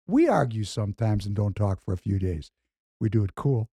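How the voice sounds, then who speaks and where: A man's voice: medium pitch, animated, moderate pace, warm tone, no echo. A man co-hosting a podcast, talking earnestly and emphatically, often repeating a point. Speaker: podcast co-host. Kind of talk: casual podcast talk.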